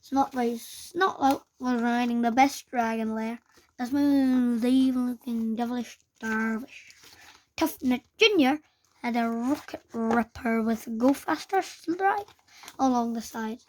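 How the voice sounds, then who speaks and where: A woman reading a children's book aloud in a halting way, stumbling and restarting words. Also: a little high. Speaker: reader.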